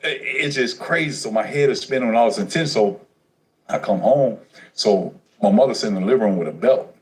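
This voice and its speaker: A man telling his life story on a casual livestream, profane and streetwise, animated as he goes. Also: mid-range voice, brisk, poor audio.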